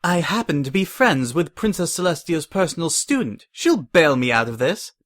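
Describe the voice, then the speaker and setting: A man's voice: fairly high pitch, sing-song, moderate pace, a bit bright, voice pushed up. A man doing a prim, indignant pony lady. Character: snooty refined mare pony, prim and indignant.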